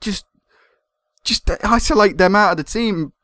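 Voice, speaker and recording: A young man commentating on a football management game, excitable and swearing when it goes wrong. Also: high voice, unhurried, no echo. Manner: excitable, swearing and laughing at goals. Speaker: gaming commentator.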